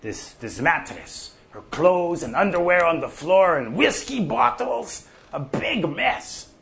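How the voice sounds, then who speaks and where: An actor playing an older farmer off the drink who tells profane, folksy stories. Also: male voice, high voice, big pitch swings, slow, gravelly, fairly bright tone, exaggerated voice. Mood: rambling. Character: older male prairie farmer off the drink, gruff storyteller. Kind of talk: monologue.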